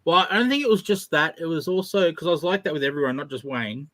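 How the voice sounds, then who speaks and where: A man's voice: fairly high pitch, animated, fast, a bit bright, dry recording. A man in his forties co-hosting a casual live stream, candid and self-deprecating, laughing easily. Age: 40s. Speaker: stream co-host.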